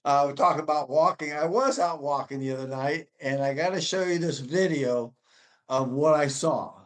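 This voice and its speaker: Folksy man, slightly high voice. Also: moderate pace. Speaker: podcast co-host. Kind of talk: casual chat.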